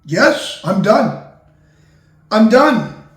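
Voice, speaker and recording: Excitable, high-pitched cursing show host. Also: male voice, extremely slow, noisy background. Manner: loud, excitable, cursing, swings between ranting and sentimental. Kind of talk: comedic talk show rant. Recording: echoey room, distant mic.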